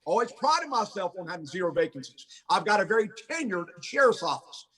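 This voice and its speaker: A man, a county sheriff speaking forcefully as a podcast guest, repeating his points for emphasis. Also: high voice, big pitch swings, brisk, breathy edge, recorded from a distance. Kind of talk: podcast interview.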